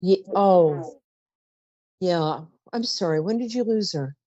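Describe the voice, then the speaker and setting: Psychic call-in host, woman, rambling and chatty, lively swooping voice, mellow tone, dry dull recording. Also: on the low side, slow, no echo. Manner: chatty, warm-toned asides, trails off mid-sentence. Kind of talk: live call-in psychic reading.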